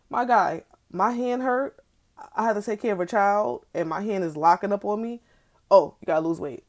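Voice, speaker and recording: A young woman, ranting candidly and with plenty of profanity about her own experiences in a casual vlog. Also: mid-range voice. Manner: candid, profane, exasperated storytelling with slangy asides. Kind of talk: casual personal vlog rant.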